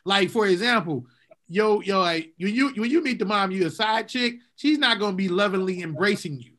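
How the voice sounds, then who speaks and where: Bright high-voiced man, casual chat. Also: fairly quick, slight background noise. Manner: laughs often, animated storyteller. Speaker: podcast co-host.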